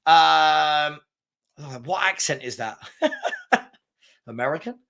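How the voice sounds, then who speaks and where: Chatty English man, slightly high voice. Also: expressive, takes it slowly, creaky, sharp tone. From England. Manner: chatty, rambling, lots of fillers and restarts. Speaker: live stream co-host. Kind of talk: casual live football commentary.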